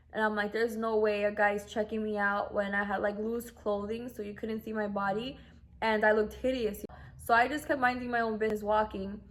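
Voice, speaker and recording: This young woman, a vlogger in her twenties, has a medium-pitched, fairly bright voice. She tells a personal story in a chatty way, peppering it with "like" and performing others' quoted lines.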